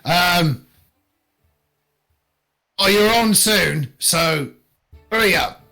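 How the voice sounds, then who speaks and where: A man doing a brusque festival guard in a tabletop game, barking short orders in a slightly raised voice that rushes everyone along. He speaks slowly and deliberately, with faint music playing behind. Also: high-pitched, gravelly, pushed and bright, voice pushed up, exaggerated voice. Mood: flustered. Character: gruff male festival guard.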